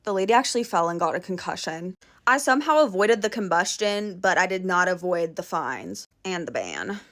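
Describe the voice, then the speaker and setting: A woman's voice: on the low side, big pitch swings, moderate pace, fairly bright tone. A woman telling a short story in a matter-of-fact, casual storytime style.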